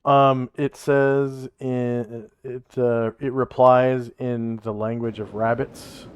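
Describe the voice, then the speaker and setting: A man's voice: medium pitch, flat delivery, slow, clean tone, dry recording, soft background music. A man running a tabletop game as game master, narrating hesitantly with frequent fillers.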